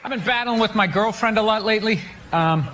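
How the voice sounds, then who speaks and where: A man doing stand-up comedy, ranting loudly with lots of swearing and mock voices. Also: high voice, brisk. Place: theater stage with live audience. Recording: live audience laughter and stage noise.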